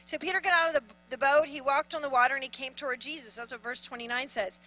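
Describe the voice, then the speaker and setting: A woman pastor preaching with a high, very bright voice. She is animated and acts out little voices as she preaches. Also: quick pace, hardly any pauses, no room sound, rough recording. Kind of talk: sermon.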